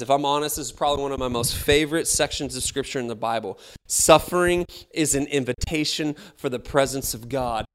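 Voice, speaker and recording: Dynamic preaching man swinging loud and soft. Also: medium pitch. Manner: dynamic preacher, rising loud and dropping soft, repeats key lines. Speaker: pastor. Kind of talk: sermon.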